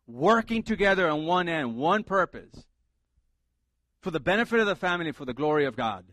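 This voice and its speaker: A middle-aged man delivers a sermon in a relaxed, joking manner, hammering home his points by repeating them. His voice sits a little higher than most men's. The recording is dry and close, with no room echo. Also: normal speed. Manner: conversational, humorous preaching with emphatic repetition. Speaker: pastor.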